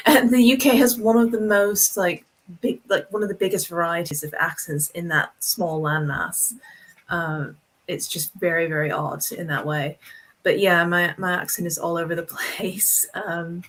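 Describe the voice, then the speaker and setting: A woman's voice: fairly low pitch, fairly even intonation, measured pace, fairly bright tone, low-quality recording. Chatty woman with a transatlantic accent. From born in the States, raised in Hong Kong. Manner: chatty, laughs often, self-deprecating. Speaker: guest author. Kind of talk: casual podcast chat.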